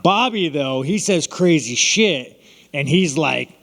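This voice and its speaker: At a media scrum in a large hall, an American fighter fields press questions in a casual, rambling, joking way, swearing constantly. His voice is fairly high, animated and a bit bright, yet he takes it slowly.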